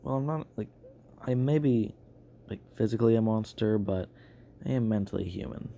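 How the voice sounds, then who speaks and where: Guy doing a cheeky slime hero, low voice, lots of likes and ums, kinda stumbling. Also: gravelly, warm tone. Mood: defiant. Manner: casual, halting, full of fillers. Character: laid-back young male slime hero, cheeky and defiant.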